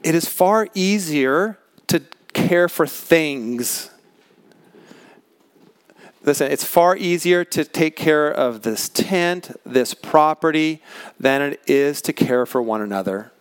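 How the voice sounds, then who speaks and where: A man preaching a sermon as pastor, earnest and emphatic, slowing down to stress key words. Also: on the high side, lively intonation, clean tone, no room sound. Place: large tent.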